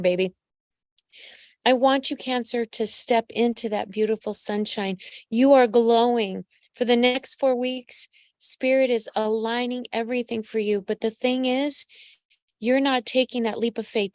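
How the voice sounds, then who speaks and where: A woman psychic medium hosts a live reading in a fairly high voice, recorded close and dry with no room sound. She coaches listeners directly and keeps calling them honey and darling. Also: dry recording. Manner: affectionate, calls listeners pet names. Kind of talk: live-streamed astrology reading.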